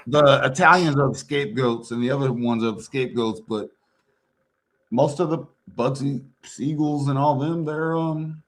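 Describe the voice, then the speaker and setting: A man's voice: mid-range voice, moderate pace. Slangy, laid-back man guesting on a stream. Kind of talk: casual stream chat.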